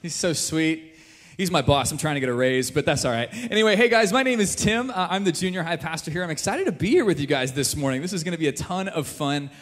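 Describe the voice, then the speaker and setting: A young man, a junior high pastor telling a jokey, animated story in a sermon before a church crowd. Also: quick pace. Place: large church hall. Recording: reverberant church hall.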